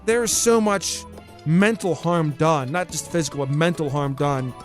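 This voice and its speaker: A man's voice: on the high side, measured pace, soft background music. A man streaming a game live, chatting casually and answering his chat as he plays. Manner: chatty, reads and answers chat, frequent restarts.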